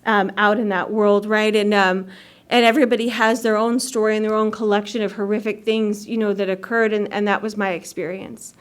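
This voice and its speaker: A woman's voice: mid-range voice, little pitch movement, fairly quick, clean tone. A woman sharing her personal recovery story at a meeting, in a chatty, self-mocking way and laughing often. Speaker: AA meeting speaker. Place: meeting hall.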